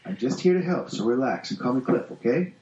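A man's voice: medium pitch, expressive, a little fast, dark tone, reverberant, far from the mic, dull audio, slight background noise, voice pushed up, lightly acted. A man reading aloud and voicing a patient adult male robot mentor who coaches earnestly. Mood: coaching.

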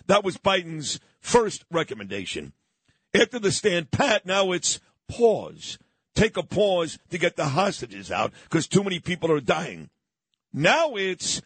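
A brash middle-aged man, hosting a morning talk radio show. His voice sits a little high for a man, and the studio sound is dry and close. He tells stories with gusto, acting out the people he quotes. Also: big pitch swings, unhurried, fairly bright tone, breathy edge, no echo. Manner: brash, storytelling, acts out quotes. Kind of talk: animated talk radio monologue.

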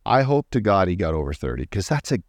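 Man, podcast co-host, low voice, lively pitch, relaxed chat. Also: quick pace, dry recording, studio quality. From Newfoundland. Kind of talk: casual chat.

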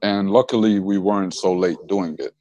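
A young man from Egypt chatting casually on a video call, relaxed and slangy, laughing often. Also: low voice, normal speed, dry recording, lo-fi sound. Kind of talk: casual chat.

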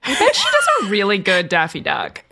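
Bright-voiced playful young woman podcaster. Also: mid-range voice, wildly swooping pitch, a little fast. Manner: playful, self-mocking, lots of "like". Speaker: podcast co-host. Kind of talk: casual podcast chat and timed storytelling.

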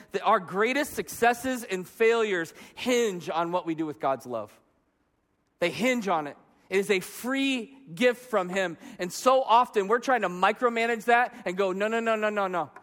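A man in his thirties delivers a sermon, his voice sitting notably high. He tells animated, self-mocking stories, and the church hall around him trails off in a long reverb. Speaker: pastor.

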